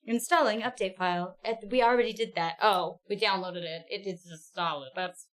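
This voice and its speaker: A woman streams a game live, chatting casually, giggling often, and gushing excitedly as she rambles to herself. Her voice is medium-pitched at a moderate pace.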